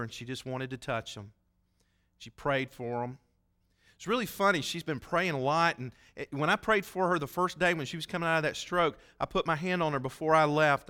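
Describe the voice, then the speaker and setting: A pastor with a medium-pitched, sharp yet smooth voice tells a story in his sermon. He keeps it folksy and conversational, acting out the voices of the people he quotes.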